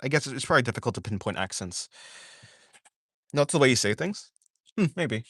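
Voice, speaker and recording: Male streamer, casual chat. He rambles and corrects himself mid-sentence, with lots of "like" fillers, and his pitch swings a lot. Dry, close sound. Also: big pitch swings, a little fast, fairly bright tone, breathy edge, no echo. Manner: reads viewer questions aloud and answers them. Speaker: art streamer chatting with viewers.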